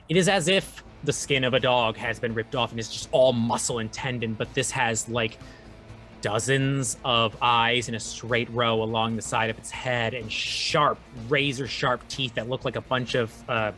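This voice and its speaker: A man's voice: mid-range voice, pushed and bright. Casual man narrating as game master. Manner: casual, many filler words, explains rules quickly. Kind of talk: narrating a tabletop horror game.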